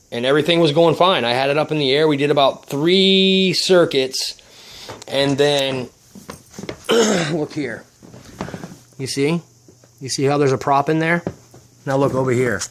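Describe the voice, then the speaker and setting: Indoors at home, a man vlogs casually about his RC plane, agitated and swearing, often restarting his sentences. His voice runs on the high side, he speaks unhurriedly with long pauses, and a faint hiss or hum sits in the background.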